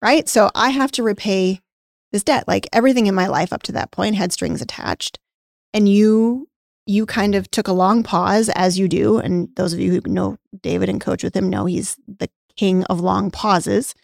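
A woman who co-hosts a casual podcast and once owned a nutrition practice candidly shares a personal story, acting out past conversations and sometimes growing emotional. Her medium-pitched voice is gravelly and darkish, with fairly even intonation and a moderate pace. The studio-quality recording has no room sound.

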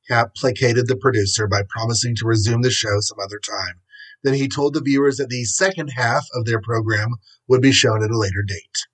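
A man narrating a superhero storybook in a steady, plain reading voice. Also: medium pitch, a little fast, husky, rough recording.

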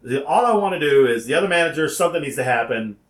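Animated man telling a story, roomy sound. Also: a little high, fast talker. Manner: acts out phone calls, rising to shouting.

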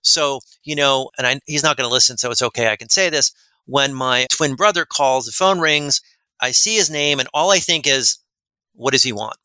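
A man, a guest expert on a podcast, telling rambling, animated anecdotes in an interview. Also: medium pitch, normal speed, smooth, dry recording. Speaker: guest expert on workplace respect. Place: lives in New Jersey.

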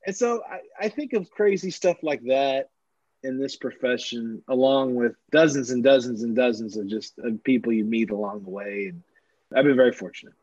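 A man who is a sportswriter, telling animated anecdotes with frequent restarts in a casual interview, on a slightly dull recording. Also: mid-range voice, normal speed, no echo. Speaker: sportswriter guest.

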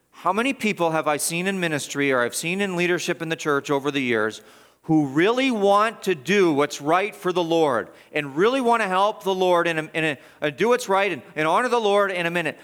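A middle-aged male pastor preaching a sermon with a fairly high voice. He drives his points home with emphatic repetition, rising loud and then dropping to quiet asides. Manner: swings between loud emphatic peaks and low quiet asides. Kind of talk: expository sermon.

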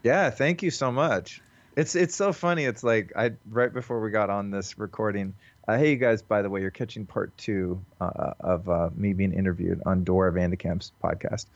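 A man's voice: lowish voice, steady tone, normal speed, no echo. A man talking as a podcast guest in an earnest, reflective way, casual and loose with swearing, over a call. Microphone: call recording. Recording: dull, lo-fi call audio.

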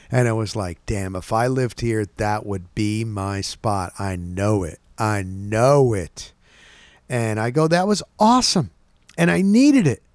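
A man in a dry, close studio sound, telling a rambling personal story in a casual podcast chat. He jumps into the voices of the people he met, rising high and loud for them, then drops back to his mid-pitched voice. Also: no room sound. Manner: animated, acts out quoted voices. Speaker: podcast host.

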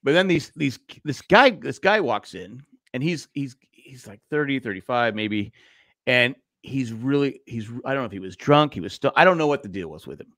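Animated storytelling man in his sixties. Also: medium pitch, normal speed, dry recording, studio quality. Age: 60s. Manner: animated, acts out voices in his stories. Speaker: podcast co-host. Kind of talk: casual storytelling chat.

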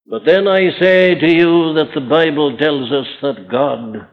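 A man delivers a sermon from the pulpit with earnest emphasis and searching rhetorical questions. His voice sits fairly high for a man. The audio comes from a thin, tinny archive recording. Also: measured pace, hardly any pauses. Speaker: preacher.

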